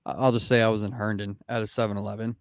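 A young man tells a story on a casual podcast, swearing freely and acting out what everyone said. His voice comes through smooth and resonant. The sound is close and dry. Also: fairly low pitch, rapid-fire, no echo. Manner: animated storyteller who acts out quotes. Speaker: podcast host. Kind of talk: casual chat, profane storytelling.

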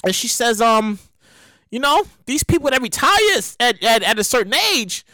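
A woman telling a story in a casual monologue, talking fast, laughing often and swearing freely. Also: a little high, expressive, bright, forceful tone, no echo.

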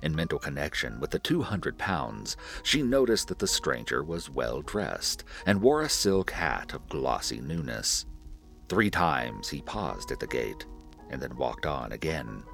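A man narrating a classic horror tale with a very deep, gravelly voice. He reads at a deliberate pace and swings his pitch with feeling. Soft music hums beneath him. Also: sing-song. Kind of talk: scripted horror story narration. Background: faint music.

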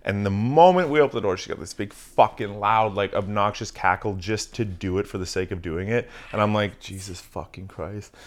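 Podcast host, male, low register; foul-mouthed, animated anecdote teller. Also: a little fast, few pauses. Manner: profane, animated storyteller. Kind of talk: casual storytelling chat.

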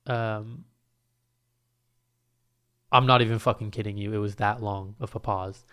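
Young guy ranting through a story, cussing a lot, smooth clear voice. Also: lowish voice, measured pace, long pauses. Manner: rambling, profane, animated retelling with restarts. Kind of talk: casual storytelling.

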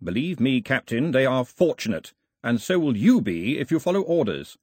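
An audiobook narrator, a man, voicing an officious male company agent who shouts his orders. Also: mid-range voice, big pitch swings, moderate pace, husky, dry recording, clean studio sound, pitched above the performer's own voice. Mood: commanding. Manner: shouting through a megaphone, officious.

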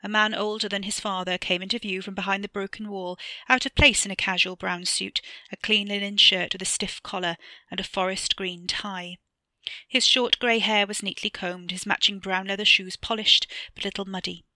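A woman narrating her own short story aloud, measured and even. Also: medium pitch, dry recording. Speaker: author reading her story.

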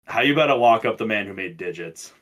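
A man's voice: fairly low pitch, animated, quick pace, fairly bright tone. Young man ranting in casual chat. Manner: profane, ranting storyteller. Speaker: podcast co-host.

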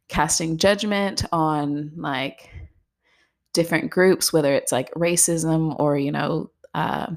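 A young pregnant woman, out of breath, talking in a rambling casual monologue full of fillers and small laughs. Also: low-pitched. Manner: rambling, heavy use of "like", laughs often. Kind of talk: casual personal vlog monologue.

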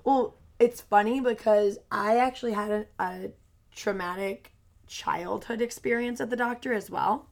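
A woman's voice: medium pitch, unhurried, vocal fry. A woman in her twenties chatting casually as a podcast co-host, telling stories with lots of "like" fillers. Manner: chatty storytelling, full of "like" fillers. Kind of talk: casual chat.

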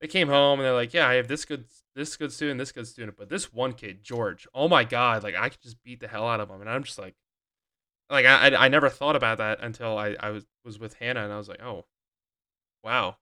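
A man's voice: medium pitch, a little fast, bright, forceful tone, clean tone. A young man co-hosting a podcast, telling rambling stories in casual chat with lots of fillers and restarts. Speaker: podcast co-host.

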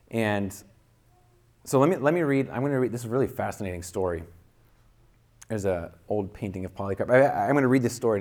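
A man's voice: lowish voice, a little mellow. A man preaching a sermon, reading a martyr story aloud with earnest, rising emphasis.

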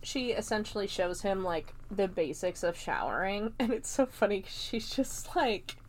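A woman's voice: medium pitch, lively intonation, normal speed, hardly any pauses. A woman in her late twenties recapping a film in a casual, chatty way, swearing freely, laughing often and filling her talk with "like.". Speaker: film reviewer.

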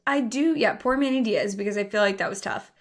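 A woman co-hosting a sports podcast in casual chat, talking fast and loose with lots of "like". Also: mid-range voice, noisy background. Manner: chatty, heavy use of "like", animated. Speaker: podcast co-host.

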